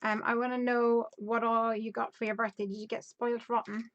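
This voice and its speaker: A Northern Irish woman in her thirties with a slightly high voice and a softened, fairly neutral accent. She chats through a live crafting stream, greets viewers and reads out their comments, laughing easily. A faint hiss sits underneath the recording. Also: flat delivery, fairly quick, muffled recording. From Northern Ireland. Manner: chatty and upbeat, laughs often, thinks aloud while measuring. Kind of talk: casual live-stream chat, reading viewer comments aloud.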